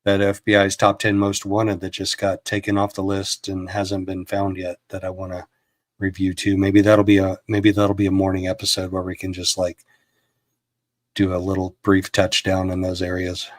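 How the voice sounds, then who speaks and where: Deep, flat-voiced man hosting a livestream. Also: moderate pace, no room sound, studio quality. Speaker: true crime livestream host. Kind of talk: casual livestream chat.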